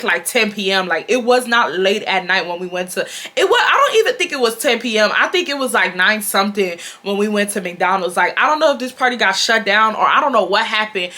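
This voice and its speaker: A woman, telling a casual storytime in a chatty, filler-heavy, animated way. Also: mid-range voice. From Houston, Texas. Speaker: YouTuber.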